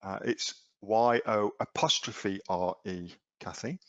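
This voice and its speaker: A man's voice: fairly low pitch, fairly even intonation, slow, hardly any pauses, fairly bright tone, no room sound, dull audio. Blunt casual Australian man teaching online. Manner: casual, blunt, peppered with rhetorical questions to viewers. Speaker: online selling coach. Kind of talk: live screen-share webinar.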